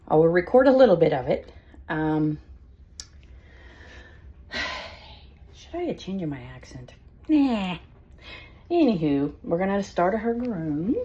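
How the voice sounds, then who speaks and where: A woman's voice: on the low side, mellow, dull audio. A woman who grooms dogs, chatting casually through a grooming vlog and slipping into baby talk with the dog. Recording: clipper buzz behind the voice. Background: electric clippers buzzing.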